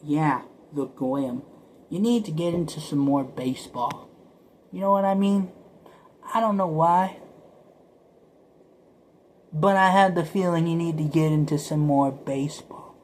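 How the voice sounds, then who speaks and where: A man's voice: a little high, a little slow, pauses often, slight background noise, low-quality recording. A man talking to camera in a rambling, casual monologue, often repeating and stuttering over words and now and then dropping to a whisper. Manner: drops to whispers at times. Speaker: vlogger.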